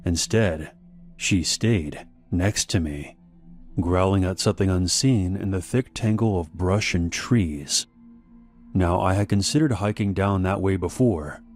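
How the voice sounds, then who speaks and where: Deep-voiced male horror narrator. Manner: measured, unhurried storytelling. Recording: faint background music.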